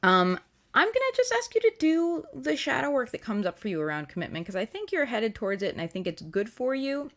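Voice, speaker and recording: A woman's voice: fairly high pitch, very animated, brisk. A young woman hosting a casual livestream tarot reading, chatty and playful, rambling with fillers and restarts.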